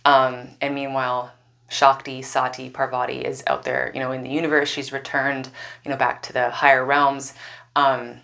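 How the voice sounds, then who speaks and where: A woman casually retelling a myth in a chatty, animated way, full of "like" and "right?" asides. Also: extremely low pitch, moderate pace, gravelly. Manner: animated, swears, many "like" and "right?" asides, laughs often. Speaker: spiritual storyteller.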